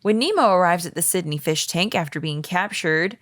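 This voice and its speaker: A woman's voice: on the low side, lively intonation, a little fast, a bit bright, no room sound. Woman podcast host, giggly, reading a theory, dry close sound. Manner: playful, giggly, tries silly accents. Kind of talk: casual chat, reading a theory aloud.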